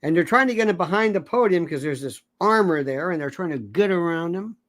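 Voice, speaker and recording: Animated man ranting in a theatrical monologue. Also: high voice, fairly quick. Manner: digressive, theatrical, mimics voices, self-correcting. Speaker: commentator. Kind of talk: animated political commentary monologue.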